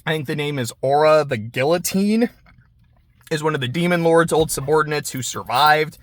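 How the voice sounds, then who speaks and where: A man's voice: on the high side, fairly bright tone, no echo. A man casually recapping an anime episode, swearing and briefly acting out the characters. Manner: laid-back, swears, acts out characters in quick voices. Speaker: anime reviewer. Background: lawnmower.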